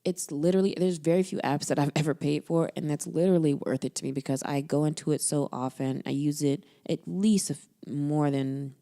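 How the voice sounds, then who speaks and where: Low-voiced young woman, casual and attentive. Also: fairly even intonation, fairly quick, hardly any pauses, warm tone. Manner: attentive listener, frequent murmured agreement. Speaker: podcast co-host. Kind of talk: casual chat.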